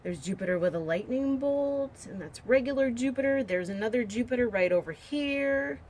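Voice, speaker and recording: A woman's voice: fairly high pitch, expressive, moderate pace, a little mellow, slight background noise. Rambling, joking woman in her forties. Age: 40s. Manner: rambling, joking, half-serious storytelling; muses aloud while browsing pictures on screen. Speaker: vlogger. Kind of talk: casual monologue to camera.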